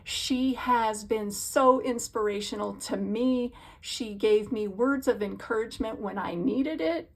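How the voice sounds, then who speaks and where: A woman hosts a crafting vlog from her craft room and chats in a relaxed, gushing way. Her voice has a gravelly fry to it. She takes her time, speaking slowly and unhurriedly. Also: fairly high pitch. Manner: gushing, enthusiastic. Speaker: craft channel host. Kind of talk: casual crafting vlog chat.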